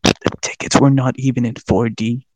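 A man's voice: mid-range voice, flat delivery, moderate pace, background noise. A young man casually telling a story on a podcast, rambling and swearing a lot. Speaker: podcast co-host.

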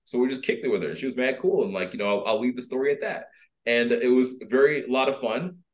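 A man's voice: mid-range voice, fast. A man, a dating coach on a podcast, telling a story casually with lots of fillers and acted-out voices. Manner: animated, filler-heavy, acts out voices. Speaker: dating and personal development coach, guest.

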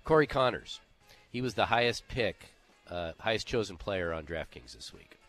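Co-host, male, very low voice with a bright forceful edge, relaxed leaderboard chat, faint music underneath. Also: normal speed. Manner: runs down leaderboard, conversational with fillers. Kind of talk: casual golf chat.

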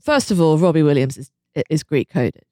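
A woman's voice: low voice, very animated, moderate pace, warm tone, dry recording, studio quality. A woman chatting casually on a podcast, playful and teasing. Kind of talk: casual chat.

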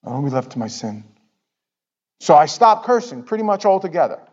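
A man preaches a sermon in a casual, talky way. His fairly high voice swings from loud bursts down to hushed, near-whispered lines. The recording sounds dull and lo-fi. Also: sing-song, fairly quick. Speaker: pastor.

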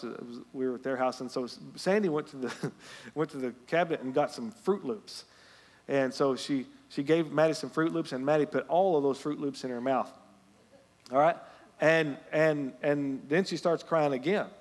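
A pastor delivers a lively sermon in a fairly high male voice. He tells stories and climbs to loud, emphatic peaks. The sound carries the long reverb of a church sanctuary. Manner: animated, rising to loud emphatic peaks, storytelling asides.

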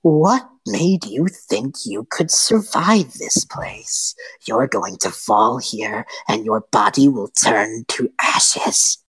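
A woman voicing a blind, scheming old hag witch, speaking slowly in a hissing half-whisper. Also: rumbling low, animated, slightly rough, dry recording, voice pushed down, full character voice, low-quality recording. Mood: menacing.

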